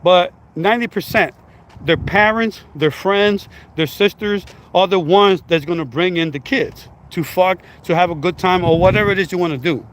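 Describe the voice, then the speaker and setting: A man with a slightly high voice rambles through a casual vlog commentary, blunt and profane. He records outdoors in a built-up area with faint traffic behind him. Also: normal speed. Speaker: vlogger.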